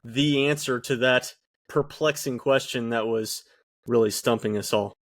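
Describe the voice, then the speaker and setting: A man's voice: medium pitch, a little slow. A man co-hosting a podcast in casual chat, making wry and sarcastic asides. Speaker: podcast co-host.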